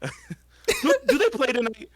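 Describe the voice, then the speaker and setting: An angry man rants about his team, voice pitched high and swinging wildly up and down. His tone is bright and sharp, and the sound is dry and close. He swears constantly and stumbles over his own words. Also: huge pitch swings, slow pace, breathy edge, no echo. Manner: angry, swearing, repeats himself. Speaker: podcast co-host. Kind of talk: profane sports rant.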